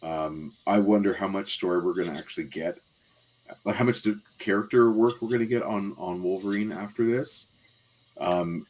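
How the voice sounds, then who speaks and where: A man's voice: low-pitched, a little mellow. A man co-hosting a podcast, casually recapping scenes in detail with plenty of "um"s and asides. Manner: detailed, rambling recap with many fillers. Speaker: podcast co-host.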